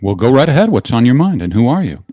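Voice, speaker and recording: A man's voice: medium pitch, very animated, fast talker, warm tone, no room sound. A man hosting a live call-in show, genial and joking with callers. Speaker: show host.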